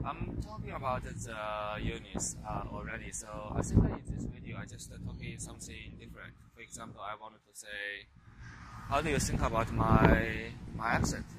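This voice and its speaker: A man vlogging casually into a handheld camera, speaking haltingly and pausing to search for words. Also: on the low side, vocal fry. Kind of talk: casual vlog talk to camera. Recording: loud traffic noise behind.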